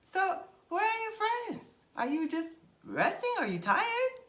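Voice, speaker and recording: A woman voicing a flirtatious Italian man who smoothly coaxes a tourist to come along with him. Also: very high-pitched, huge pitch swings, a little slow, a bit bright, echoey room, voice pushed up, exaggerated voice. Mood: coaxing. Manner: coaxing, insistent, overly friendly.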